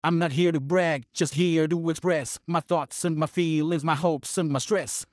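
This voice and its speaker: Singing software voicing a synthetic male rapper with a computer-generated sound, rapping in tight rhythm with slightly odd pronunciation. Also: fairly high pitch, steady tone, normal speed, natural voice. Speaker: demo vocal line. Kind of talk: rap.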